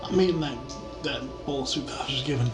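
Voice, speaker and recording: A man's voice: medium pitch, fast. A man playing a tabletop game, speaking in a matter-of-fact, dry way. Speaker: player. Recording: echoey room with faint music.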